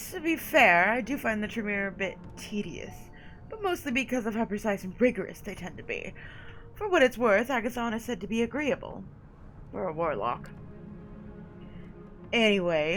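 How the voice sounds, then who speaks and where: A woman's voice: medium pitch, a bit bright, slight background noise, natural voice, low-quality recording. A woman voicing a haughty, condescending female vampire sire, reading game dialogue aloud with drawled endearments.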